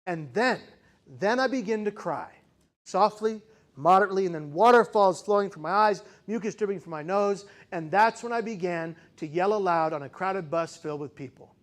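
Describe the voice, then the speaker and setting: A man giving a speech to a live audience, telling a personal story dramatically. He swings from raised intensity to hushed, slow emphasis and asks the audience rhetorical questions. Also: sits high. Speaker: keynote speaker.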